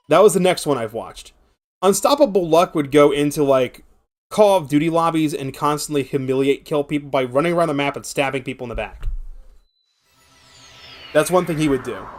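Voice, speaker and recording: A young man streaming a game, telling long rambling stories with lots of swearing and filler. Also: on the high side. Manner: rambling, profane, animated storytelling. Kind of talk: casual gameplay chat and storytelling.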